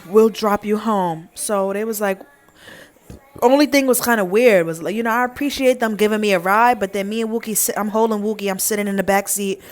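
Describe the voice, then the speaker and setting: A woman's voice: mid-range voice, a little fast. A young woman telling an emphatic, profane story on her vlog. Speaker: vlogger.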